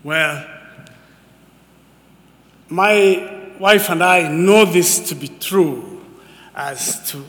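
A man in his fifties preaching a sermon as a guest preacher, excitable and emphatic with folksy asides to the congregation, in a church. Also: on the high side, very slow, pauses often. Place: church sanctuary. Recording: long church hall reverb.

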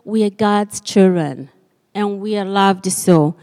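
A woman telling a story to children at church, speaking hesitantly with many pauses and fillers. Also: medium pitch, warm tone, long reverb tail.

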